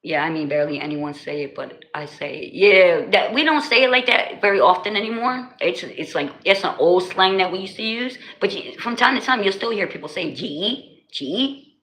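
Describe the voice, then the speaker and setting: A woman with a New Jersey accent chatting casually with viewers on her livestream, animated and laughing often, full of slang. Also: lowish voice, normal speed. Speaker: livestream host. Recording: echoey room with faint noise.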